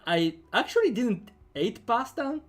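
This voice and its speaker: A man's voice: very high-pitched, sing-song, unhurried, soft background music. A young man with an Italian accent chatting playfully on a livestream while programming, laughing often and joking with chat. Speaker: game developer streamer.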